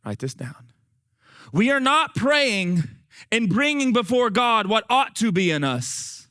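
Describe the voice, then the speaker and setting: Man, preacher, high voice, folksy, animated, hoarse and breathless. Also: slow pace. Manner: animated, folksy, talks straight to the congregation. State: voice going hoarse, short of breath. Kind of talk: sermon.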